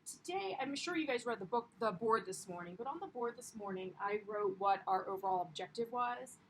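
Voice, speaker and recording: A woman's voice: mid-range voice, animated, brisk, a little hiss or hum, poor audio. A young woman teaching a primary class, upbeat and encouraging, with frequent ums as she explains the lesson. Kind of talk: classroom read-aloud lesson.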